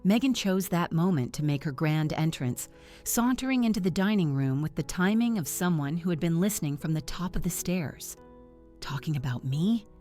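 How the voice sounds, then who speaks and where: A woman narrating a first-person family drama story in a steady, dramatic storytelling way. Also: on the low side, moderate pace, faint music behind.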